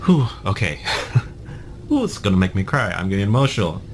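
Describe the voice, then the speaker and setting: A man with a very low voice reacts on camera in a casual, earnest way. He reads text aloud haltingly. A steady hum runs under the noisy clip.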